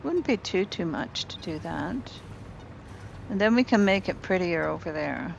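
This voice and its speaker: Her voice is fairly low, expressive and unhurried, with vocal fry, as she streams a game from her apartment. She chats casually with viewers and talks through her building out loud, and the lo-fi sound has a little hiss or hum.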